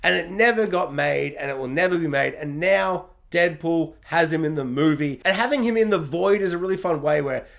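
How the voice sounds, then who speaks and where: A man casually reviewing a film, excitable and jokey, acting out reactions as he talks. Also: on the high side, fairly quick, vocal fry, hardly any pauses. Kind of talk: casual spoiler review to camera.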